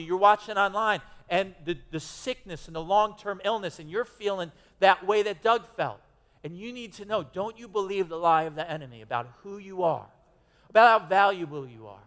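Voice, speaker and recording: A man's voice: sits high, lively intonation, normal speed, fairly bright tone. A male pastor preaching a sermon in a church, in an emphatic, conversational way with many restarts. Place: church sanctuary. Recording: long hall reverb.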